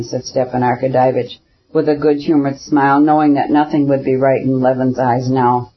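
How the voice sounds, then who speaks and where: A man narrating a classic novel as an audiobook, in a measured, even reading that keeps the characters' lines quiet. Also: medium pitch, slightly rough, dull audio.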